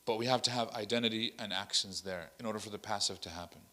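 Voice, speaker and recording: An imam leads a workshop with a bright, forceful voice, telling stories with energy and slipping Arabic phrases into his talk. He is recorded in the hall of an Islamic center, where the sound rings with a long reverb. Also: lowish voice, fast talker. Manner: animated, acts out quotes in other voices. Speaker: imam leading a dawah workshop. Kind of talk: workshop teaching with told stories.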